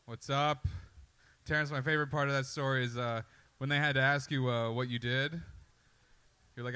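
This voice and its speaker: A man's voice: mid-range voice, steady tone, normal speed, bright, forceful tone, smooth, dry recording. A man doing a loose, conversational stand-up comedy set with swearing and asides, on a comedy club stage into a handheld mic. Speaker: stand-up comic.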